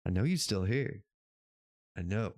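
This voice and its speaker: A man's voice: on the low side, animated, a little slow, a little mellow, no room sound, clean studio sound. A man hosting a casual livestream show, chatting with his chat in a laid-back, rambling way, swearing now and then and laughing often. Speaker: podcast host reading live chat.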